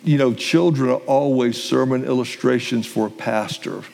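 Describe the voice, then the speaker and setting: A middle-aged man preaching a sermon as pastor, stressing key phrases and repeating them slowly. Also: mid-range voice, gravelly, darkish tone. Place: church sanctuary. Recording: long hall reverb.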